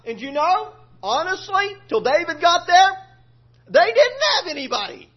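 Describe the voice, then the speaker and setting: A man's voice: extremely high pitch, sing-song, normal speed. A male preacher telling a scripture story in a homespun, colloquial sermon. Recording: lo-fi recording.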